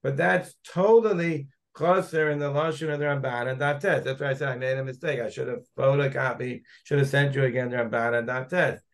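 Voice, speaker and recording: A man's voice: medium pitch, steady tone, a little fast, hardly any pauses. A man, a rabbi, teaching a Talmud class, thinking aloud as he searches through the text and digresses.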